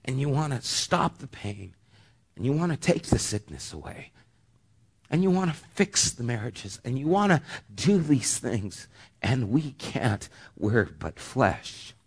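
A middle-aged man preaching a sermon, earnest, rising to loud emphasis and dropping to hushed near-whispers. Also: mid-range voice, sing-song, unhurried, slightly rough. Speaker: pastor.

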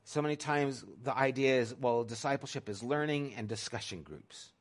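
A middle-aged man preaching a sermon as pastor, talking conversationally and swinging between loud emphasis and a soft hush. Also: medium pitch, moderate pace.

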